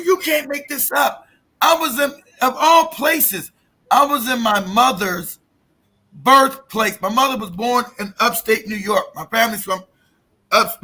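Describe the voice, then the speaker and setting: High-voiced husky man telling a story. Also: pushed and bright. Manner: profane, emphatic, many restarts. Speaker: guest telling a personal story. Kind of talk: emotional casual storytelling.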